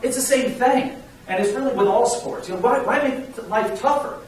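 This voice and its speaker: A man coaching a sales team in an emphatic, energetic, pleading way. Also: very high-pitched, normal speed. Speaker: sales trainer. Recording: echoey room, mic far off, faint hiss.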